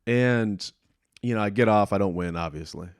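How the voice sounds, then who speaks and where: A young podcast host delivers a casual storytelling monologue, rambling, profane and self-deprecating, acting out other people's lines. His fairly low voice is clear and resonant at normal speed. The sound is studio quality with no echo.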